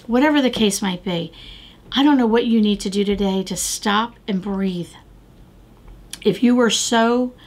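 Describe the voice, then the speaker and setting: A middle-aged woman hosting a devotional podcast, talking earnestly and exhorting listeners with repeated phrases. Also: medium pitch. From United States. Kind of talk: devotional talk.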